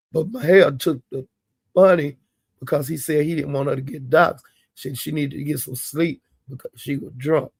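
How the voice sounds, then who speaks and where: Host: a man, husky and rough, rambling gossip storyteller. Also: a little high, no room sound. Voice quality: gravelly, husky. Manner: rambling, with quoted asides. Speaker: channel host.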